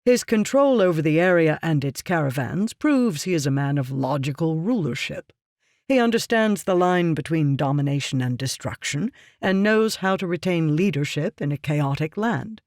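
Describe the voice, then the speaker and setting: An audiobook reader gives voice to a ruthless, scheming merchant who talks down to others in curt, lecturing, dismissive tones. The reader's voice is medium-pitched, a little mellow, and natural, with lively intonation and a moderate pace. The studio-quality recording has no room sound.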